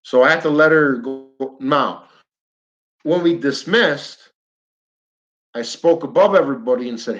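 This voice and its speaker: Speaking at medium pitch, a little slowly and with long pauses, a flat earth livestreamer with a New York accent bluntly rants straight at his viewers and keeps repeating himself. Faint music plays behind him, and the high frequencies are cut off.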